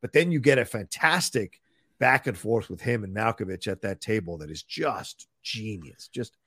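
Gravelly, lively-voiced man co-hosting. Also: fairly low pitch, normal speed, dry recording, studio quality. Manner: rambling, reads viewer comments aloud. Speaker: podcast co-host. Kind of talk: casual live film chat.

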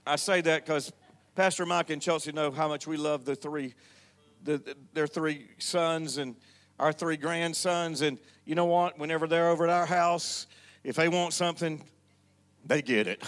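An older pastor delivers a preachy sermon in church, calling on the congregation to answer him back. His voice is on the high side and fairly bright, moving at a normal speed.

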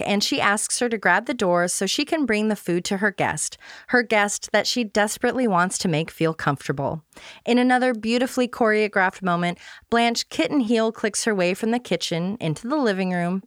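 Podcast host, woman, mid-pitch; reads a scripted recap with wry humor, dry close sound. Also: expressive, normal speed, fairly bright tone, no echo. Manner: playful, self-deprecating humor. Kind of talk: scripted recap read aloud.

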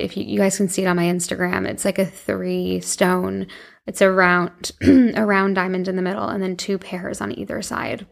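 A woman's voice: mid-range voice, creaky. A young woman in her twenties casually telling a personal story to her viewers, chatty and emotional, with many fillers and restarts. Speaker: vlogger.

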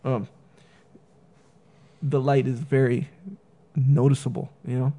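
A man talking through a relaxed conversation, full of "you know" and "like," wandering from point to point. His pitch sits in the everyday middle range, and he slips into quick voices for the people he quotes. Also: slightly rough. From San Diego area. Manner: rambling, many fillers, acts out quoted people. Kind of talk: casual conversation.

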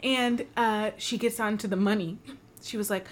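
A woman with an ordinary mid-range voice tells a story in casual conversation. She is animated and laughs as she acts out the lines of the people in it. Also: mid-range voice, moderate pace. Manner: animated storyteller, laughs while acting out quotes. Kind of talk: casual chat.

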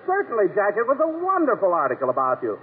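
A man as the announcer in a 1940s radio comedy, earnest and flattering, heard on an old broadcast recording. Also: sits high, quick pace, phone-quality sound, slight background noise.

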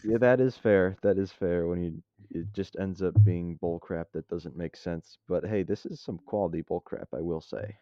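Low, dark-voiced young man rambling. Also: moderate pace, few pauses, dry recording. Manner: rambling, hesitant, many restarts. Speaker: co-host and co-author. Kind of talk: casual chat. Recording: dull lo-fi dry sound.

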